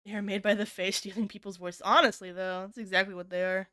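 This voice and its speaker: A young adult woman from the United States, chatting on stream in a casual, animated way, swearing freely and jumping high when she quotes people. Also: fast, clean tone. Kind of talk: casual chat while working on stream.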